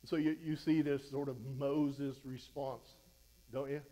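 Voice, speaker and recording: A man's voice: medium pitch, flat delivery, a little slow, mellow, poor audio. A man preaching a verse-by-verse sermon as a pastor, fervent and exhorting, conversational with frequent restarts. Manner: fervent, exhorting, voice rises when fired up.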